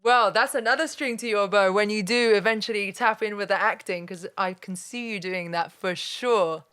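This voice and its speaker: A woman hosts a casual interview. Her voice is smooth and clear at a middle pitch, and she chats easily and pays her guest compliments. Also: normal speed, fairly bright tone. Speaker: interview host.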